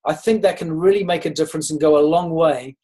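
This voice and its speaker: A man with a fairly high voice gives a motivational training talk. He speaks unhurriedly, pausing and restarting his sentences. He acts out the dialogue in his stories. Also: mellow, rough recording. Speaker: network marketing trainer.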